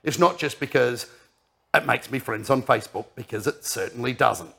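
A man's voice: medium pitch, moderate pace, gravelly, fairly bright tone, husky. A middle-aged man hosting a casual, jokey show, rambling and laughing often. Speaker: podcast host. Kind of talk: casual banter.

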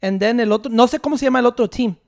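A man's voice: very high voice, very fast, creaky. Man mixing English and Spanish, cursing. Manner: profane, mixes Spanish and English. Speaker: youth soccer parent. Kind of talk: casual chat.

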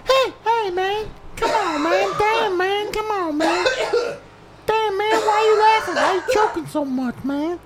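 A man doing a loud, hammy impression of an older male celebrity hosting a silly conspiracy show. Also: extremely high pitch, a little slow, noisy background, pitched above the performer's own voice. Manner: loud, hammy, breaking into laughter. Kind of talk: comedic impression.

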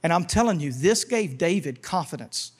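High-voiced, animated man preaching a sermon. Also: normal speed, slightly rough. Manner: animated, call-and-response with congregation, acts out prayers and voices. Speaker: pastor.

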